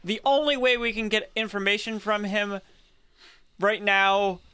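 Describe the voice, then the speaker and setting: A man's voice: high voice, fairly even intonation, a little slow, sharp tone, clear, resonant tone. A man playing a tabletop game, arguing his point firmly and insistently. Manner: firm, insistent, repeats points. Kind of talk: casual game chat.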